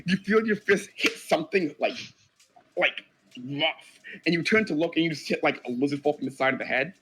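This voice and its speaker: A man narrating as game master of a tabletop game in a casual, animated way. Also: on the high side, a little fast, a little hiss or hum, rough recording.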